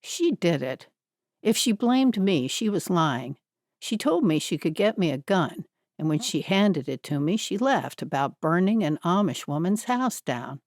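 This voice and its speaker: A woman voicing a shifty, menacing young man who turns defensive and talks faster when cornered. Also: fairly low pitch, big pitch swings, darkish tone, dry recording, clean studio sound.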